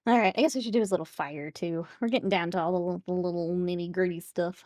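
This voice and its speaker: A woman's voice: lowish voice, steady tone, quick pace, hardly any pauses, darkish tone, dry recording, studio quality. A woman streaming while she paints miniatures, chatting playfully with viewers and laughing often. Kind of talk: casual chat with live chat while painting.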